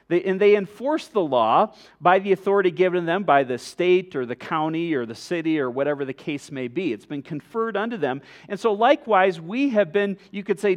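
A middle-aged man pastor preaching a sermon in an earnest, emphatic way, with measured pauses. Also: high-pitched.

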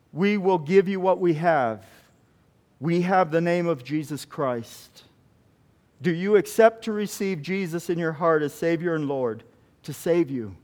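A man with a high voice preaches in a storytelling way. He retells a testimony, often stopping and restarting his phrases. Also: a little mellow. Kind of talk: sermon storytelling.

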